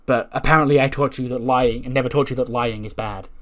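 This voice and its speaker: A man's voice: medium pitch, fairly even intonation, fast, close to an everyday voice. A man doing a bossy, cocky woman wrestler. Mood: bossy, condescending. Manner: loud, condescending, teasing. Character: cocky, bossy female wrestler, overbearing leader.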